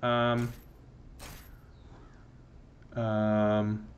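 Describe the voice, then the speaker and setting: A young let's-play gamer with a lowish voice offers casual commentary on his game in a completely flat delivery, drawing out his words. His rambling remarks are sarcastic and profane, with a bit of hiss or hum in the audio.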